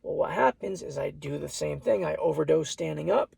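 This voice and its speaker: A man's voice: a little high, fairly quick, gravelly, darkish tone, husky, no echo. A man casually telling a personal story, rambling and restarting his lines, often repeating "I said".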